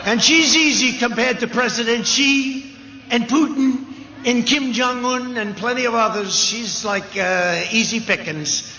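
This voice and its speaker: High-voiced man giving an echoey rally speech. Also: unhurried, bright, forceful tone, muffled recording, a little hiss or hum. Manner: emphatic, repetitive, rambling asides. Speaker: political rally speaker. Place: large outdoor rally. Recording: echoey PA sound at a rally, cheering crowd behind. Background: crowd cheering.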